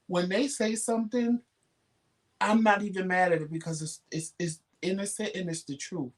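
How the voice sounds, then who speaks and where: A man co-hosting a casual talk show, making calm, explanatory remarks and teasing his co-host. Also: high voice, normal speed. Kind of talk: casual chat.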